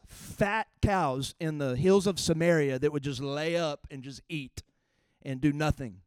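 High-voiced pastor preaching casually. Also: male voice, dry recording, clean studio sound. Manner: conversational, folksy preaching with emphatic scripture reading. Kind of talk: sermon.

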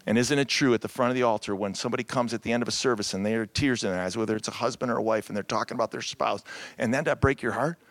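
A middle-aged man from Cleveland, Ohio, a pastor giving a conference talk to ministry couples, lively and joking, calling out to his audience and often repeating words as he speaks. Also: medium pitch, rapid-fire, no echo. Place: conference room with round tables.

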